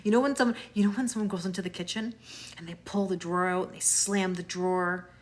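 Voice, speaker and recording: A woman's voice: fairly low pitch, fairly even intonation, fast talker. A Canadian woman runs a live tarot stream, greeting viewers and answering them as she goes. Her talk is chatty and reassuring, and she often trips over and restarts her words. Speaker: tarot reader.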